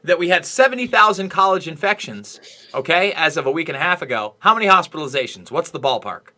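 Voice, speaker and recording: A man's voice: a little high, animated, fast, pushed and bright. A man hosting a show, giving angry political commentary in a profane, ranting and emphatic way. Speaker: show host.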